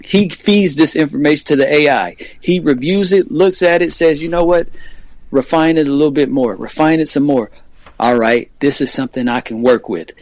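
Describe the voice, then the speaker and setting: A man's voice: a little high, moderate pace, a little mellow, no echo. A man co-hosting a talk show, arguing combatively in a heated debate and demanding to finish his point. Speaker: co-host.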